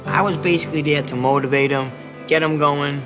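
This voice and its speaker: A man's voice: on the high side, fairly even intonation, a little fast, over loud music. A man and retired boxer, recalling stories in a casual interview, rambling with restarts and quoting others. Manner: rambling anecdotes with restarts and quoted dialogue.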